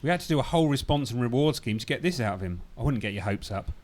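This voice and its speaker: A man co-hosting a scripted comedy radio show, deadpan and teasing. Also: medium pitch, quick pace.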